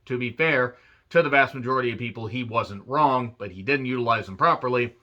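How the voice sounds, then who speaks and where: Bright-voiced man recapping old wrestling. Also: medium pitch, a little fast. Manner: profane, wry, rambling asides. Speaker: wrestling show reviewer. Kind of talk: casual retro recap commentary. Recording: dull lo-fi recording.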